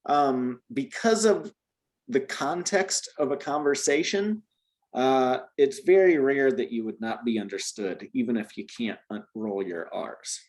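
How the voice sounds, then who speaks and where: A man's voice: medium pitch, expressive, a little slow, darkish tone. A man from the United States teaching a beginner Spanish lesson, explaining patiently with frequent restarts. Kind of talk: one-on-one language lesson.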